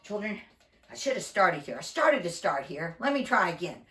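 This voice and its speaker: A woman telling a Bible story to children, animated and talking straight to them. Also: medium pitch, normal speed. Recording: roomy echo, distant mic, faint noise.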